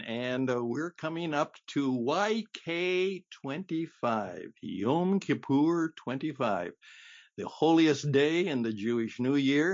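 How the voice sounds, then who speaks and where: A man hosting a casual radio conversation, often chuckling and pausing on fillers, heard on a slightly muffled radio recording. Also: a little high, no echo. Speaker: radio host.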